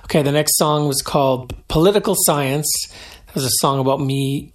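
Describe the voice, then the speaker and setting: A man giving casual, self-deprecating spoken commentary on his own album's tracks, relaxed and loose with frequent fillers. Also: on the high side, normal speed.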